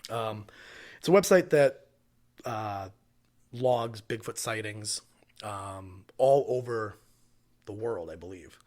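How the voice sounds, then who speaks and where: A man's voice: fairly low pitch, slow pace, pauses often. A man from Wisconsin co-hosting a podcast, chatting casually in a loose, rambling way with lots of fillers. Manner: relaxed, rambling with many fillers. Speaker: podcast co-host.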